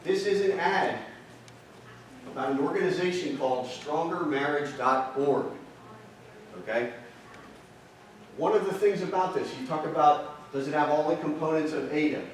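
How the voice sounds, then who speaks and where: A man's voice: a little high, normal speed, pauses often, a little hiss or hum. Male seminar speaker quizzing the crowd, distant mic in a reverberant hotel room. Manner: fires rhetorical questions at the audience. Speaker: seminar presenter. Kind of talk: marketing seminar lecture. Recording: echoey hall, distant mic, audience present.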